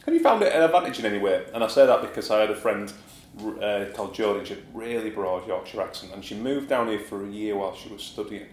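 A man hosting a casual interview, relaxed and laughing along with his guest. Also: fairly low pitch, fast talker. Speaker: podcast host. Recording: roomy with faint noise.

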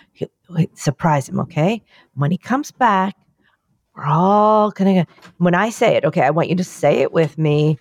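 A woman's voice: deep voice, normal speed, darkish tone, no echo, studio quality. A woman co-hosting a podcast in casual chat, playful and teasing with a conspiratorial streak. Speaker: podcast co-host.

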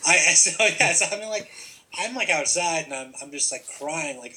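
Bright-voiced man telling a story. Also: on the high side, animated, normal speed, rough recording. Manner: rambling, many fillers and restarts. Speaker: guest telling his story. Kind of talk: casual storytelling.

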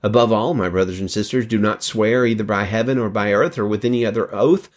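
A man's voice: lowish voice, fairly quick. Man reading scripture with casual asides. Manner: conversational, with joking self-deprecating asides. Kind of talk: casual Bible reading with commentary.

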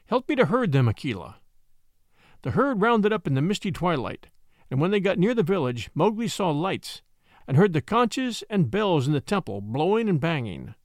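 A man narrating a classic storybook tale in an expressive, acted-out way. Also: high-pitched, moderate pace, no echo, studio quality. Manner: expressive, acts out the voices.

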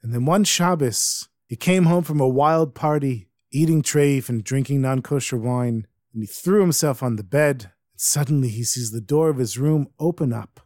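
A man storyteller telling a Hasidic tale in a lively, emphatic way. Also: medium pitch, normal speed, hardly any pauses, no echo, studio quality.

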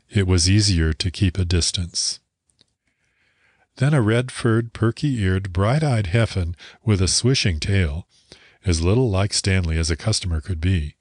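A short story is read by a man whose voice sits very deep, delivered calmly and steadily like an audiobook. The sound is close-miked and dry, with no room sound at all.

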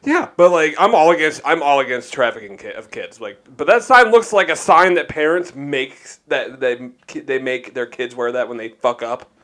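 A man's voice: mid-range voice, normal speed, few pauses. Laughing podcast co-host man. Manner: laughs often, joking, animated. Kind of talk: crude casual banter.

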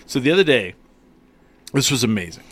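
Animated swearing man in banter. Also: mid-range voice, brisk. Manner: animated, swears, tells stories. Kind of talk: casual banter.

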